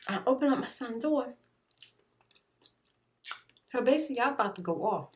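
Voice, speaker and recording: Higher-voiced lady venting about her ex while munching snacks, super emphatic. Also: lively intonation, normal speed, slight background noise. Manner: exasperated, emphatic retelling; chewing and eating between lines. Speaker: ASMR YouTuber, mother. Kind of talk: casual storytime while eating.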